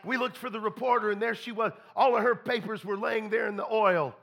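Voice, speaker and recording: A man's voice: high-pitched, steady tone, a little fast, vocal fry, fairly bright tone, highs cut off. A man preaching a storytelling sermon, folksy, full of restarts, acting out conversations. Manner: folksy, repeats and restarts, quotes people in dialogue.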